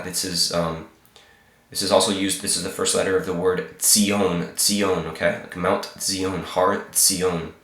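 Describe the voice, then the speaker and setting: A man's voice: low voice, fairly bright tone, reverberant. A man teaching the Hebrew alphabet in a patient, repetitive way, sick with a cold that shows in his voice, checking in with "okay?" after each point. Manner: patient, repeats each sound, frequent "okay?" check-ins. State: sick, slightly hoarse. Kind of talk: informal alphabet lesson.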